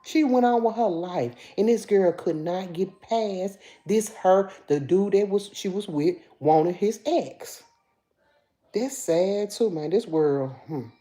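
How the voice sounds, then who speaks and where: A woman's voice: medium pitch, expressive, slow, dark tone. A woman in her fifties with a Memphis accent, chatting casually on a livestream and reading viewer comments aloud. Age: 50s. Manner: chatty, addresses viewers as y'all. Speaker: livestream host.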